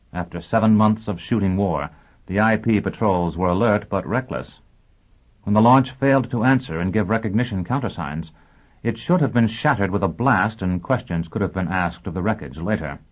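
A man narrating an audiobook in a measured, dramatic reading. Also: on the low side. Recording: tinny phone-like sound.

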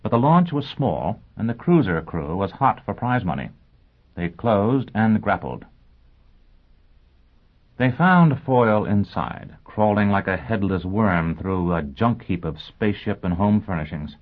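A man narrating an audiobook in a measured, dramatic reading. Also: on the low side, big pitch swings. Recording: tinny phone-like sound.

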